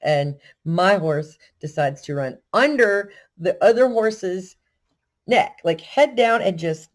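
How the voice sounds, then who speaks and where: An older woman from Texas with a Texan accent, telling a story in a casual, animated, self-deprecating way. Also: lowish voice, slow. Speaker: vlogger.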